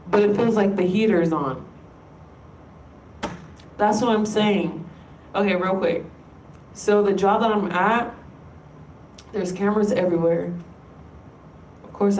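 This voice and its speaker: A woman's voice: mid-range voice, a little mellow, far from the mic, a little hiss or hum. A woman in a casual, rambling monologue, emphatic and profane. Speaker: vlogger. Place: room in an indoor workplace building. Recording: echoey room, voice away from mic.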